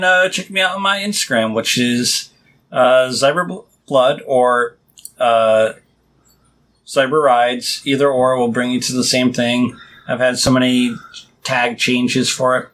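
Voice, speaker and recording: A man's voice: mid-range voice, fairly bright tone, rough recording. A man as a guest on a podcast, chatting casually in a laid-back way with short agreeing replies.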